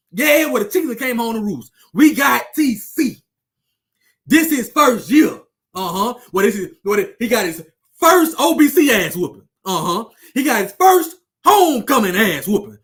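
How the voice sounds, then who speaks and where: A man with a very high, fairly bright voice rants heatedly and profanely about sports to his viewers, taunting them and repeating himself for emphasis. He runs his own sports commentary channel, and his manner is fiery, repetitive, profane and taunting.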